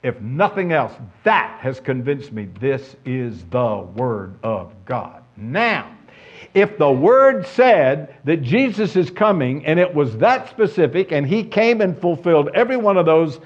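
A man's voice: fairly high pitch, sing-song, unhurried, husky. A man preaching a sermon, emphatic and conversational, putting questions to his listeners. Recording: dull lo-fi sound.

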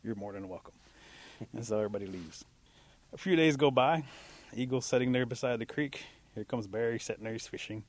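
A man tells a traditional tale in an oral storytelling style. He is animated and expressive, acting out the animals as he goes. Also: mid-range voice, fairly quick. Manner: animated, acts out voices of animals.

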